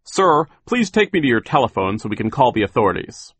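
A man's voice: mid-range voice, very animated, a little fast, fairly bright tone, husky, no room sound, voice pushed up. A man reading an audiobook and voicing a fussy male banker who talks in an eager, formal way.

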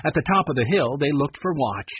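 A man narrating a children's storybook with a lively, expressive reading. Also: fairly high pitch, fairly quick, breathy edge, dry recording, muffled recording.

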